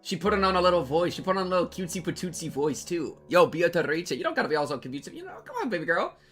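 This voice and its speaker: A young man streaming a game, chatting to his viewers in a rambling, jokey, excitable way and sometimes reading the game text aloud. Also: on the high side, quick pace, breathy edge, faint music behind. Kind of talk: casual game-reaction commentary.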